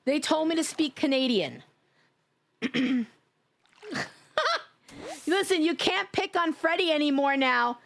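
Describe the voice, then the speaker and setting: A woman's voice: high-pitched, lively intonation, takes it slowly, creaky, long pauses, a bit bright. A woman from New York chatting casually and teasingly with her viewers while live-streaming a game, laughing often.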